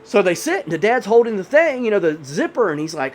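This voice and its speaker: A man with a high, lively voice tells a spooky campfire-style tale in casual, rambling speech, leaning on "you know" again and again. A faint hiss sits under the recording. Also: a little fast, hardly any pauses. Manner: rambling, many 'you know' fillers. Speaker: horror storyteller. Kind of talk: casual spoken horror storytelling.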